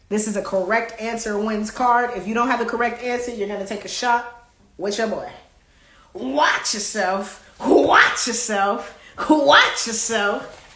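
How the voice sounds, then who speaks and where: A woman's voice: mid-range voice, fairly bright tone. A woman hosting a live card game, reading questions aloud in a playful way and singing bits of songs. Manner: playful, sings song snippets, reads cards aloud. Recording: echoey room.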